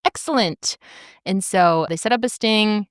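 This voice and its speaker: A woman's voice: fairly low pitch, normal speed, no room sound, studio quality. A young woman co-hosting a podcast, recapping a novel in casual chat and acting out the characters' lines with lots of laughter. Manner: animated, acts out characters' lines, laughs often. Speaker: podcast co-host.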